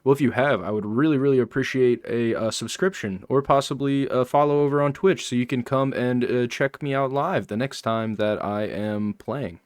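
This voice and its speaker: A man's voice: medium pitch, moderate pace, hardly any pauses, clear, resonant tone, dry recording. Male streamer, casual live commentary with rambling side remarks, dry close sound. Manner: offhand, rambling asides. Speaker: streamer reacting to a podcast.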